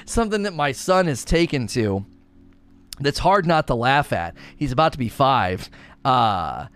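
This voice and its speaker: A man in his thirties hosting a casual TV review chat, rambling with restarts and doing animated voices when retelling family moments. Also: mid-range voice, takes it slowly, long pauses, smooth, faint music behind. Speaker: show host reviewing TV.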